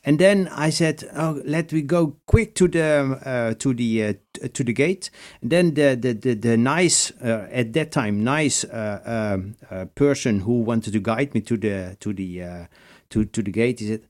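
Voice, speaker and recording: A man co-hosting and telling a story in halting English full of fillers. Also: medium pitch, darkish tone. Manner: halting, many fillers, non-native English phrasing. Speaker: co-host. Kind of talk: casual chat, storytelling.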